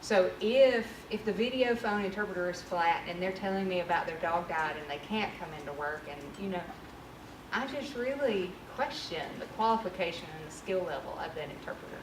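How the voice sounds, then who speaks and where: A woman trainer talks through a workshop in a candid, conversational way. She sounds distant from the mic in a reverberant room. A steady noise sits under her voice. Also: lowish voice, a little fast. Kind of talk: workshop presentation. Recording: echoey room from far off with noise.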